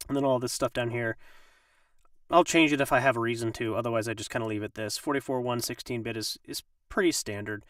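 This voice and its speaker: A man's voice: mid-range voice, quick pace, a bit bright, no echo, far from the mic. Rambling man, dry, slightly off-mic. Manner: rambling, with many ums and restarts. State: slightly under the weather. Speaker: voice actor and audiobook narrator. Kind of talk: casual live-stream tutorial.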